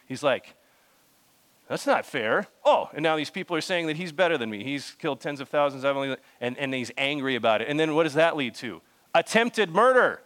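A young man preaches to his congregation in an easy, conversational way. His voice sits at an ordinary middle pitch, and he breaks off into asides and restarts as he talks. He moves between reading scripture and plain talk. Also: clean tone. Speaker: pastor. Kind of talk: sermon.

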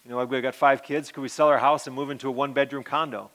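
A middle-aged man, a pastor, giving an earnest personal testimony that rambles with restarts and often sinks to a soft murmur. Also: medium pitch, steady tone, fast talker.

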